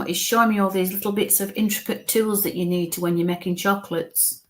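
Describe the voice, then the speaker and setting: A woman medium giving a live spirit reading, talking in halting bits and murmuring soft coaxing asides. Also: on the low side, fairly even intonation.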